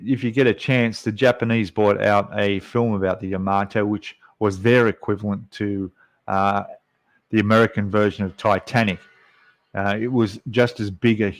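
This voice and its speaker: A middle-aged man hosting a casual live stream, chatting in a rambling way and reading out viewer comments with many fillers. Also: fairly low pitch. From Australia.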